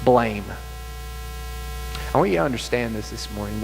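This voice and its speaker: A man preaching a sermon, reading scripture aloud with passionate, dramatic emphasis and slow, stretched-out phrases. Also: medium pitch, animated, vocal fry. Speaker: pastor. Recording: long hall reverb with faint music and hum.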